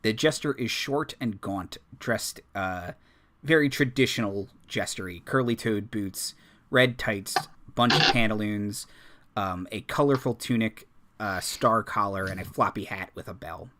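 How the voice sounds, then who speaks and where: A man narrating a tabletop game as game master, unhurried and dotted with fillers. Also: lowish voice, heavy background noise.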